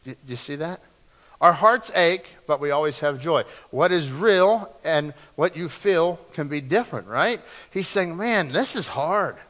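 A male pastor with a fairly high, bright voice preaches an earnest sermon and asks the congregation to repeat after him. He swings from forceful emphasis to quiet, hushed phrases. The voice rings with the long reverb of a church hall. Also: a little slow. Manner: earnest, leads congregation in call-and-response; swings between loud emphasis and soft, hushed lines. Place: church sanctuary.

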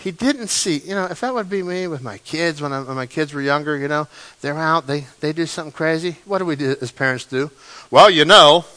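An animated male pastor delivers a sermon with dramatic storytelling. His voice is fairly high, bright and forceful, and it swings between quiet and loud passages. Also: fairly quick, poor audio.

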